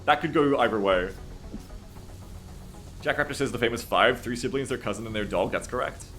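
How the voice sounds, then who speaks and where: A man's voice: mid-range voice, a little fast, a bit bright, soft background music. A man streaming live and chatting casually. He reads chat aloud, rambles, and swears freely.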